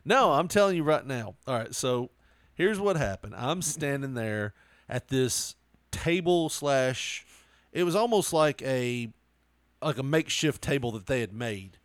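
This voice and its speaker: A man's voice: mid-range voice, lively intonation, unhurried, no echo. Laughing man telling a story. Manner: laughing often, acting out quotes animatedly. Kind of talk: casual chat, storytelling.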